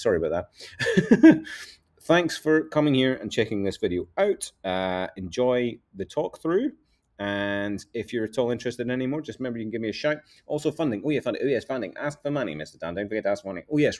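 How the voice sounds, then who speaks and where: A man pitching his own campaign as an independent candidate, talking over slides in a loose, rambling way. He chuckles often and jokes at his own expense, and his pitch swings widely. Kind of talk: casual talk over slides.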